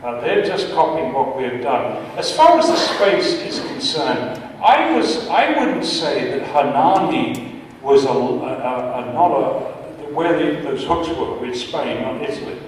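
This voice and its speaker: With a medium voice that swings widely in pitch and a measured pace, a retired chemist from the United States, now older, gives an impassioned guest talk that takes audience questions. He trips over openings and repeats words for emphasis. The large indoor hall echoes, heard from a distance with faint noise.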